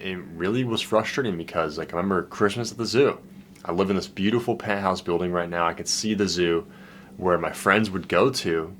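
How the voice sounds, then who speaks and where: A man's voice: deep voice, fairly bright tone, slight background noise. A man who works as a dating coach talking in a loose, candid and profane way, heartfelt and emotional about his past, with "dude" and "man" in every other line. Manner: emotional and heartfelt when recalling loneliness. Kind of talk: casual, profane monologue.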